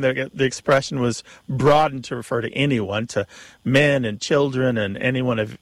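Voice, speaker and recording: Gravelly-voiced man explaining on radio. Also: medium pitch, no room sound. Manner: knowledgeable, explanatory, with restarts. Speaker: radio show co-host. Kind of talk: call-in radio chat. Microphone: studio mic.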